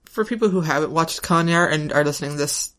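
A woman's voice: low-pitched, fast talker, a bit bright. A woman co-hosting a podcast, blunt and opinionated in casual chat. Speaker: podcast co-host.

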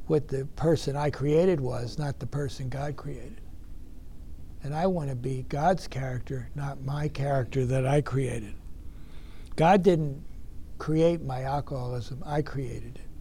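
A man's voice: on the high side, warm tone, a little hiss or hum. A man giving an earnest recovery meeting talk, telling his story with emphatic bursts. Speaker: speaker sharing recovery experience.

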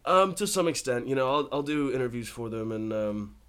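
Casting: thirties man, easygoing actor guest, mid-pitched, chatty and amused. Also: lively intonation, fairly quick, a bit bright, smooth. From born in Australia, raised in Colorado and Texas. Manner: easygoing storyteller, laughs often. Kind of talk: casual interview chat.

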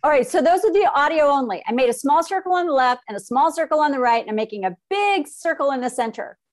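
A middle-aged woman, speaking as a podcast guest. Her voice sits a little high, and she tells a personal story with emotion, acting out the lines other people said. The delivery is conversational and lively. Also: quick pace.

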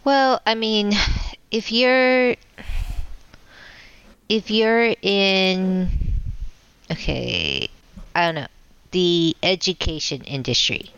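A woman's voice: medium pitch, expressive, extremely slow, pauses often, a bit bright, clear, resonant tone, lo-fi sound. A woman co-hosting a casual podcast, hesitant and searching for her words.

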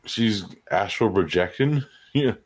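A man co-hosting a podcast, chiming in with relaxed, joking asides. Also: lowish voice, slow pace. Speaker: podcast co-host. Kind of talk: casual chat.

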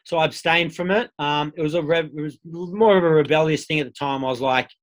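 A man's voice: fairly high pitch, brisk, few pauses. A young Australian man telling his story in a casual interview, candid and rambling, swearing freely. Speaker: guest.

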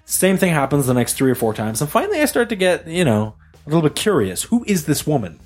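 A man hosting a podcast, telling a rambling story in an animated, joking way. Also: fairly high pitch, fast. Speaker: podcast host. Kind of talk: casual chat.

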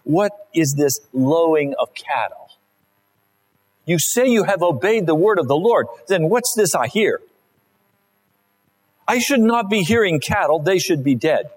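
A man's voice: a little high, animated, measured pace, pauses often, pitched above the performer's own voice, rough recording. A preacher acting out a stern aged male prophet who confronts a king, with rising, indignant questioning in a sermon.

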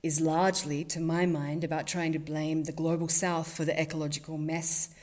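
A woman's voice: deep voice, flat delivery, normal speed, darkish tone. A woman, speaking thoughtfully and earnestly in a personal interview. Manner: thoughtful, earnest, politically articulate.

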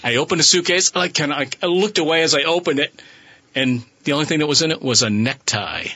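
A man, a musician guest on a radio show, telling an animated anecdote and laughing as he goes. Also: on the high side, fairly quick, very noisy. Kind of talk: storytelling on radio.

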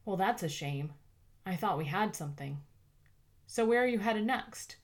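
A woman's voice: medium pitch, lively intonation, normal speed, voice pushed up, natural voice. Woman playing an eager, chatty companion. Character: Justine, friendly eager adult woman. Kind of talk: audiobook character voice.

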